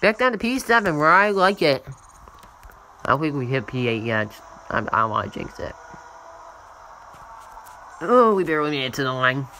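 Excitable young-sounding gaming commentator. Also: male voice, medium pitch, moderate pace, pauses often. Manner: excitable, swings between loud cheers and grumbling mutters. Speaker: gamer playing a racing management game. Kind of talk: let's-play commentary. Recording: noticeable background noise.

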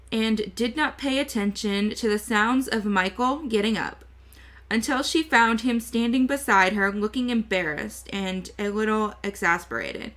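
A woman reading a novel aloud chapter by chapter, going slowly and carefully, stumbling now and then and correcting herself. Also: fairly high pitch, a bit bright. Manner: slow, careful reading with small slips and self-corrections. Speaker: VTuber book reader.

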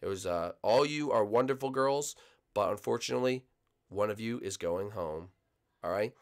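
A man's voice: fairly low pitch, moderate pace, pitched below the performer's own voice, lightly acted. A man voicing a flustered young bachelor who interviews dating contestants, stammering and bossy. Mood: exasperated. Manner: hesitant, stammering, bossy with his guests.

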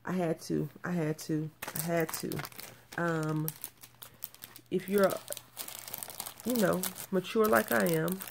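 A woman's voice: fairly low pitch, fairly even intonation, slow pace, creaky, pauses often, a little hiss or hum. A woman in her thirties showing off crafting mail in a casual show-and-tell, gushing and repeating her praise. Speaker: crafting channel host.

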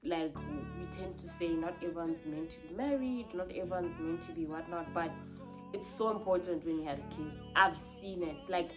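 A woman's voice: fairly low pitch, moderate pace, over music. A young woman, venting candidly to camera in a confessional vlog, rambling and heartfelt with many fillers and restarts. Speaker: vlogger.

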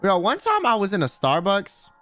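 Hyper guy streamer ranting n swearing, bouncy highish voice, quiet music in the back. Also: moderate pace. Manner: animated, loud, swears casually, bursts into laughter. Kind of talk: casual game stream chatter.

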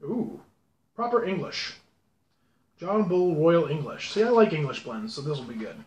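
A man's voice: on the high side, very animated, fairly quick, a little mellow, dull audio. A man hosting his own channel, chatting casually and rambling with self-deprecating asides as he unboxes things. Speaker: pipe-smoking channel host. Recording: echoey room with faint background noise.

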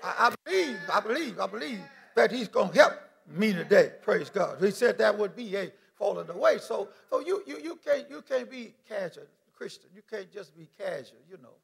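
A man's voice: high-pitched, expressive, normal speed, creaky, hardly any pauses, husky. A man preaching a fervent sermon from a church stage, repeating phrases, calling out praise and stumbling through restarts. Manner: stammering restarts. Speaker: bishop preaching.

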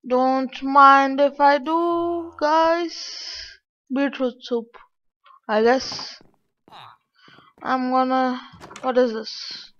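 Exasperated high-voiced woman gamer. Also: very slow, long pauses, a bit bright. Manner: exasperated, complaining to viewers. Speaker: gaming channel host. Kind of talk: game commentary. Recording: dull lo-fi.

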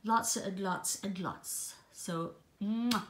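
A woman's voice: medium pitch, extremely slow, reverberant. An older woman, a doll collector, chatting in a rambling, affectionate way, a little breathless. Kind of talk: casual chatty vlog. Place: room in her apartment.

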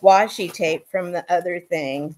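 Slow-talking, teary woman vlogger. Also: lowish voice, a little mellow. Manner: emotional, gushing, rambling. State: teary after crying. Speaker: vlogger opening gifts. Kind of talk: casual livestream chat.

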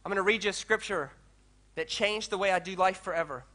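A man preaching a sermon as a pastor, animated and rising to loud declamation when reading scripture. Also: sits high, fast.

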